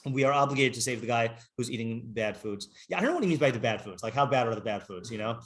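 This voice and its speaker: A man teaching an informal text class, halting and rambling with many fillers, reading Hebrew passages aloud and translating them. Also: medium pitch, animated, fairly bright tone.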